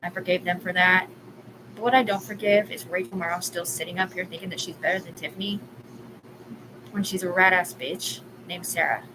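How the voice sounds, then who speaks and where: Ranting and rambling, a livestream host in her forties sounds agitated and swears freely. She speaks fairly quickly in a lowish, steady voice, and ambient background noise comes through clearly.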